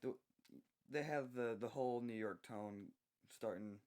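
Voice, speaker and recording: A young man from the American South telling an unscripted work story, speaking softly with many halting restarts. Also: medium pitch.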